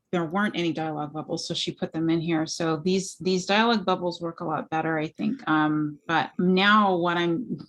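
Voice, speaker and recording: A woman's voice: sits low, low-quality recording. A woman teaching an online art class, giving casual, encouraging feedback over a video call. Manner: encouraging, casual, hesitant fillers. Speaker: art instructor.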